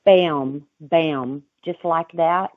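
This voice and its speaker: Female guest on a phone line, slow and reflective, dry tinny audio. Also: low voice, no echo. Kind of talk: personal account in an interview.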